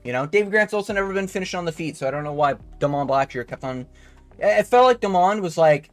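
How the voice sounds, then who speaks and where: A young man, his voice sitting a touch high, breaks down fights in a loose, rambling way. He swears freely, leans on slang and keeps tacking "okay?" onto his points. Faint music plays underneath. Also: expressive, fast. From Canada. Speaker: MMA fight analyst. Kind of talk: casual fight breakdown commentary.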